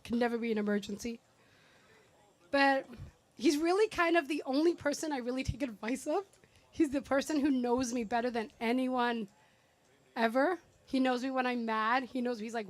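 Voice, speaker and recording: A woman's voice: on the high side, steady tone, moderate pace. A woman in her thirties giving a chatty, rambling, affectionate birthday speech for her brother at a party. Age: 30s. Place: party venue.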